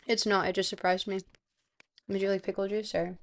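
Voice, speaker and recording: A woman's voice: mid-range voice, level tone, brisk. A woman co-hosting a casual stream, chatting and joking playfully. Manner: playful, teasing. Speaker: co-host. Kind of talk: casual chat.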